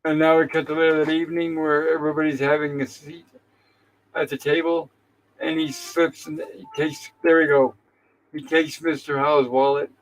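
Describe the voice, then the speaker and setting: A man's voice: on the high side, flat delivery, normal speed, low-quality recording. A man hosting a casual show, retelling an episode's scenes in an easygoing way and reading characters' lines aloud. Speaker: host.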